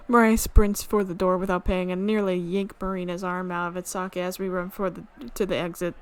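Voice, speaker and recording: A woman streamer reading a visual novel aloud, amused and quick to laugh. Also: on the low side, level tone, smooth. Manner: amused, reads with frequent laughs.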